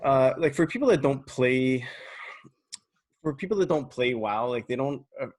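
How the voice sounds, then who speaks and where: A man's voice: mid-range voice, normal speed, darkish tone. A man in casual podcast chat, laid-back and hesitant, with plenty of fillers. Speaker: podcast guest.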